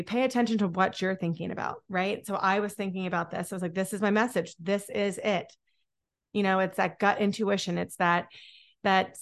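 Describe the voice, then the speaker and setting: Woman podcast host, encouraging and upbeat, repeats words for emphasis, solo talk. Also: mid-range voice.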